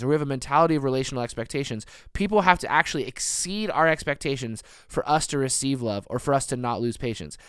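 A man in his thirties preaching a sermon, earnest, building to emphatic peaks and then dropping soft. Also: mid-range voice, clear, resonant tone, dry recording, studio quality. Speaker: pastor.

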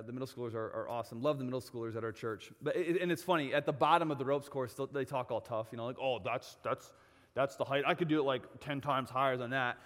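A man's voice: medium pitch, fairly bright tone, in a large hall. A male pastor preaching a sermon in a church, telling stories and repeating phrases for emphasis.

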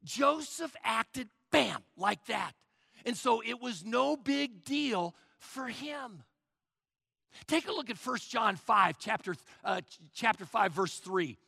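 High, lively, gravelly-voiced preacher man. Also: slow pace, no room sound, clean studio sound. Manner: emphatic, trailing off to a hush at phrase ends; asks the congregation rhetorical questions. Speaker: pastor. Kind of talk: sermon.

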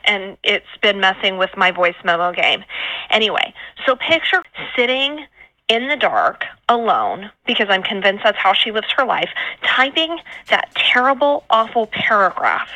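A woman leaves a phone voice memo with a bright, crisp tone, delivering a mock-serious rant in the manner of a newscaster. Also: mid-range voice, animated, moderate pace, rough recording. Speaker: listener sending a voice memo.

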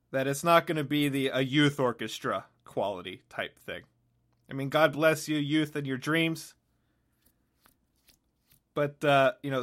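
A man with a bright, forceful voice rambles through a solo comic monologue. He is sardonic and keeps interrupting himself, and he speaks in a fairly high register. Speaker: podcast host.

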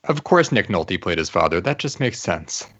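A man's voice: sits low, big pitch swings, moderate pace, a bit bright, husky. A man on a film podcast panel, chatting casually and making dry, wry remarks. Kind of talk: casual chat.

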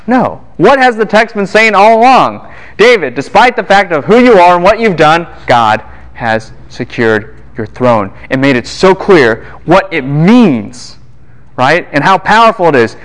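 A man giving a Bible lecture to a class, animated and quick to fire questions at his students. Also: high-pitched.

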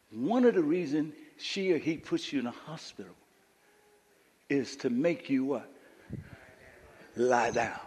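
A man's voice: on the high side, darkish tone, breathy edge, in a large hall. A man preaching a sermon as pastor, emphatic, often repeating words as he restarts his sentences. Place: church sanctuary.

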